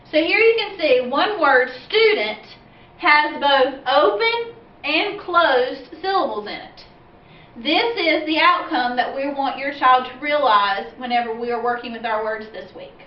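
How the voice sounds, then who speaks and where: A woman teacher patiently explaining reading steps for parents in clear, step-by-step speech. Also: high-pitched, lively intonation, a little slow. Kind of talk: instructional video for parents. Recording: roomy, distant, dull-sounding classroom recording.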